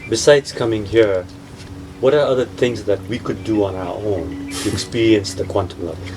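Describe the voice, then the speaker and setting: A man's voice: lowish voice, moderate pace, background noise. A man in the audience asking questions hesitantly, searching for his words. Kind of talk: casual questions.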